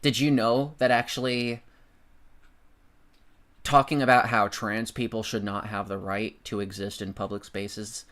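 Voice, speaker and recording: A man's voice: on the low side, fairly bright tone. A man ranting in political commentary on a stream, sarcastic and swearing, mocking his opponents.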